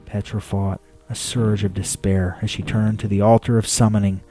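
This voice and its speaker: A man reading a novel aloud in a steady storytelling manner. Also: lowish voice, normal speed, faint music behind. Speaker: audiobook narrator. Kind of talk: scripted narration.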